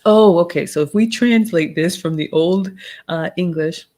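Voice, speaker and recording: Woman, 40s, Southern accent, low-pitched, polished and motherly, casual livestream Q&A host. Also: unhurried, dark tone. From American South. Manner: polished, motherly advice-giving, reads comments aloud. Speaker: livestream host answering chat.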